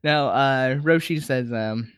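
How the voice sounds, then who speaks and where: A man's voice: medium pitch, slow pace, a bit bright, clean tone. A man co-hosting a podcast, narrating an improvised fight in a laughing, rambling way. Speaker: podcast co-host. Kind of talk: comedic improvised storytelling.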